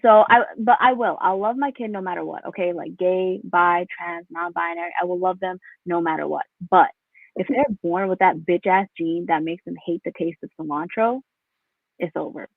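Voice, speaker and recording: A woman's voice: on the low side, moderate pace, vocal fry, no room sound. A young woman from New doing a rambling stand-up set, full of fillers and laughing at her own jokes. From New York. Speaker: stand-up comedian. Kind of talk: stand-up set over a video call. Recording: tinny phone-like call audio, dry.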